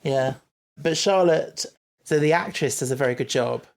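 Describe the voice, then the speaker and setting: Gravelly man chatting casually. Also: a little high, normal speed. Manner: chatty, thoughtful, hesitant with fillers. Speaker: podcast co-host. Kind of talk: casual chat reviewing a TV series.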